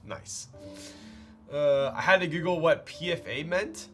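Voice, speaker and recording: A man's voice: fairly high pitch, unhurried, fairly bright tone, soft background music. A man streamer talking casually while building a keyboard, rambling and playful, with lots of fillers. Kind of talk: casual live-stream chat.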